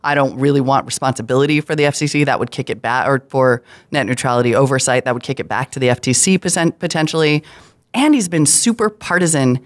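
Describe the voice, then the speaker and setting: Chatty woman guest on a tech panel. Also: a bass voice. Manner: fast, animated explainer with asides. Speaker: guest commentator. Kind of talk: casual roundtable chat.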